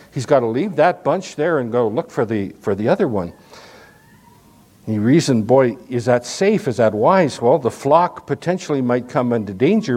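Folksy, animated male preacher. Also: medium pitch. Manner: animated, conversational preaching with restarts and folksy asides. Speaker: pastor. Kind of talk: sermon.

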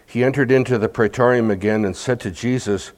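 A man with a medium-pitched, fairly even voice preaches briskly, explaining a scripture passage verse by verse. He adds asides to the congregation and acts out crowd chants and quotes.

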